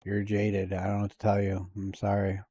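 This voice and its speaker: A man's voice: on the low side, monotone, brisk, dark tone, husky. A man streaming a game, chatting casually and ranting to his viewers with plenty of swearing. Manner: profane, ranting to chat. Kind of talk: casual gameplay chat.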